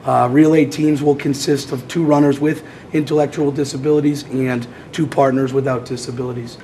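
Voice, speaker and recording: A hoarse man with a cold presenting as athletic director at a public meeting, halting with many fillers. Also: medium pitch, level tone, dark tone, a little hiss or hum, low-quality recording.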